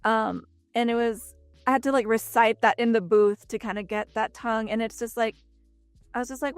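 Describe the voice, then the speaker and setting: A woman's voice: on the high side, moderate pace, creaky, dry recording, soft background music. Chatty young woman from Texas. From Texas, United States. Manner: chatty, frequent fillers and lively quoted asides. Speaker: voice actress guest. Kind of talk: casual interview chat.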